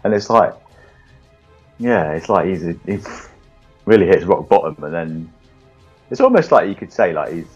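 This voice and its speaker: Deep-voiced man, laid-back podcast chat. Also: very animated, normal speed, pauses often, slightly rough, dull audio, soft background music. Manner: laid-back, agreeable, chuckles often. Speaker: podcast co-host. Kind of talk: casual film review chat.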